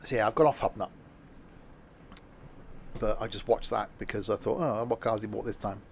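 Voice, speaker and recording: A man's voice: on the low side, steady tone, normal speed, creaky, a little hiss or hum. A man streaming a train simulator, rambling and self-mocking, with many fillers. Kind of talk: live gameplay commentary.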